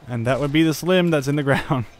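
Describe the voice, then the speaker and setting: A man's voice: a little high, a little fast, a little hiss or hum. A young man giving casual gameplay commentary, thinking aloud with lots of fillers and chuckles. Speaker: gaming channel host.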